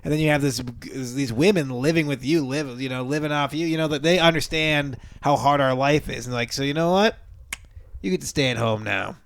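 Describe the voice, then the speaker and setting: A man's voice: a little high, brisk, few pauses, smooth. A man co-hosting a podcast in casual chat, joking crudely and laughing often. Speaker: podcast co-host.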